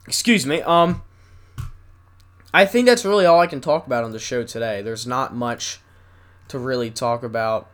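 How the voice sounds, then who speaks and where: A young man hosting a solo podcast, rambling casually and reading news stories aloud haltingly with asides. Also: medium pitch, fairly bright tone. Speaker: podcast host.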